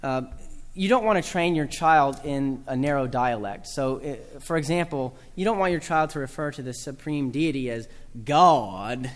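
A man's voice: fairly high pitch, moderate pace, smooth, long reverb tail. A man from the American South giving a talk to a live audience about teaching children proper speech, with dry humor and spoken examples.

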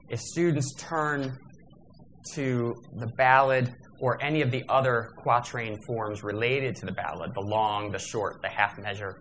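A man's voice: medium pitch, fairly bright tone, a little hiss or hum, rough recording. A man lecturing teachers about poetry and meter, talking in a thoughtful way with frequent restarts.

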